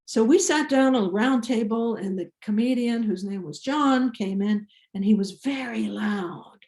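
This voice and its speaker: An older woman with an Icelandic accent tells a personal story at a slow, measured pace. Her voice sits fairly high and sounds mellow and soft. She circles back and restarts phrases as she goes. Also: echoey room. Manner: slow, deliberate, with small restarts. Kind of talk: personal story told to an audience.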